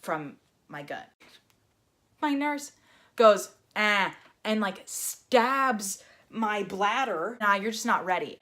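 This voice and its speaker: A young woman telling a personal story in a vlog, animated and acting out the voices she quotes. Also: medium pitch, slow pace. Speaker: vlogger.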